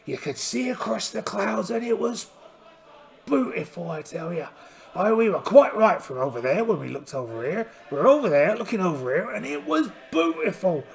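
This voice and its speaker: A gravelly, high-pitched pirate captain with one eye, blustering and cheerful, as a man puts him on. He narrates a solo tabletop voyage with theatrical exclamations, and his pitch swoops widely from phrase to phrase. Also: big pitch swings, moderate pace, heavily acted. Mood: storytelling.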